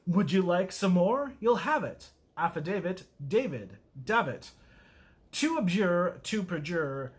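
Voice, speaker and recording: A man casually reading a poem aloud, halting and self-mocking as he stumbles over words. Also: high-pitched, very animated. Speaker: video host.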